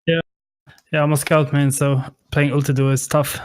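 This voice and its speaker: A man's voice: a little high, level tone, moderate pace, no echo. A man casting a live online game tournament, hesitant and apologetic, with many fillers and restarts, on a headset mic. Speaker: esports caster. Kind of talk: casual live game commentary.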